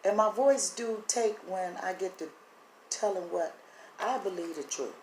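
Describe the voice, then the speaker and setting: A woman's voice: mid-range voice, a little mellow. Tearful woman talking in an echoey room. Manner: earnest, halting, voice catching with emotion. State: voice breaking, teary. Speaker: vlogger sharing spiritual impressions. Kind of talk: emotional direct-to-camera talk. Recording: echoey room, faint background hum.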